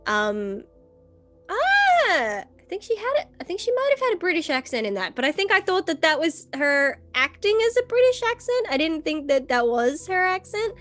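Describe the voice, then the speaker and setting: A woman's voice: extremely high pitch, big pitch swings, normal speed, fairly bright tone, faint music behind. A woman hosting a casual chat, talking expressively and acting out her own reactions. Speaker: host.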